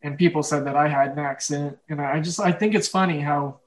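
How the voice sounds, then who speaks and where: On poor audio, a young podcast host with an Oklahoma Midwestern accent talks briskly in a fairly high voice. The chat is casual and rambling, heavy on fillers and broken up by frequent laughs.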